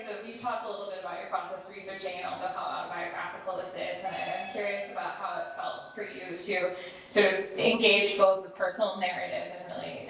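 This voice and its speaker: A woman in the audience asks a long question politely, pausing and restarting as she thinks. She sounds far from the mic in a very echoey hall. Faint room hum sits behind her. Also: medium pitch, a bit bright. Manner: polite, thoughtful, hesitant. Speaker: audience member asking a question. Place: museum event room.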